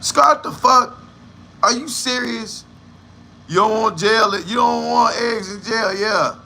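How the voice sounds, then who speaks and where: Man, livestream host, high voice, very bright and piercing tone, scornful and profane. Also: slow, gravelly, slight background noise. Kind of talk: mocking reaction commentary.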